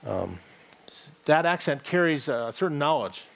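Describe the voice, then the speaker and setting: A man's voice: fairly high pitch, sing-song, a little slow, creaky, fairly bright tone. A man with a plain American accent, a pastor preaching a morning sermon in a conversational, thinking-aloud way with frequent restarts. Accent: General American.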